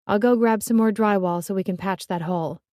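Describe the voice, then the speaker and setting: A woman voicing a stubborn, caring young woman who speaks firmly and briskly in an audiobook. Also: mid-range voice, warm tone, no room sound, studio quality, lightly acted. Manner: firm, brisk, cheerfully stubborn. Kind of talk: audiobook character voice.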